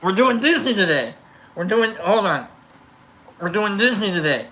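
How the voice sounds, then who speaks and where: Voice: mid-range voice, very animated, moderate pace, a bit bright. A live-stream host chatting loosely with viewers, rambling with many restarts and fillers.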